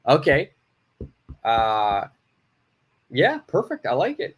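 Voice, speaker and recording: Lively male English teacher. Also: medium pitch, breathy edge. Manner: lively, repeats example phrases slowly. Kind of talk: online English lesson.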